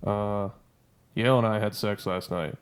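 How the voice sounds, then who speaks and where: A man's voice: fairly low pitch, fairly even intonation, normal speed, clear, resonant tone. A man in his twenties, a podcast co-host, telling a story in casual, profane, rambling chat.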